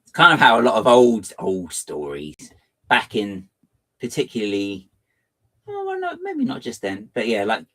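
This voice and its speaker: Chatty man with a lively, low voice. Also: normal speed. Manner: chatty, playful, self-mocking; lively, theatrical swings into high pitch. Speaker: LEGO building livestreamer. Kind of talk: casual livestream chat.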